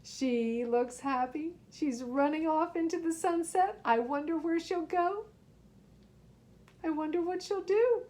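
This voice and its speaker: A woman reading a picture book aloud to young children, expressive and asking them questions. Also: extremely high pitch, a little slow. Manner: expressive, gasps and asks the listeners questions. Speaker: children's story reader.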